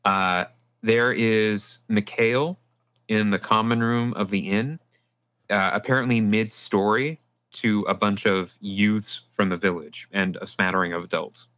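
A man's voice: on the low side, steady tone, unhurried, a bit bright. A man narrating a tabletop game as game master, casual with lots of fillers, on dull lo-fi audio.

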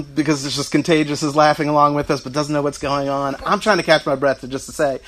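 A man's voice: a little high, steady tone, fast, few pauses. A middle-aged man giving a heartfelt speech about his parents, telling family anecdotes and laughing through them. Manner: storytelling, warm asides, laughing through anecdotes.

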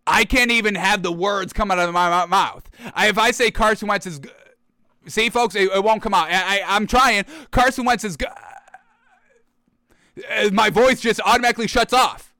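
A man's voice: high-pitched, steady tone, normal speed, bright, forceful tone, no echo. A man hosting a sports show, ranting brashly and mockingly about football teams and players while calling his viewers "folks". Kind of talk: animated sports opinion rant.

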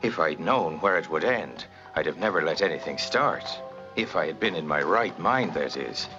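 Brief: a brooding noir narrator looking back on his folly, low and rueful, old film soundtrack. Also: expressive, normal speed, muffled recording, over music. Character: brooding man narrating his own foolish downfall. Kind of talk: 1940s film noir voice-over.

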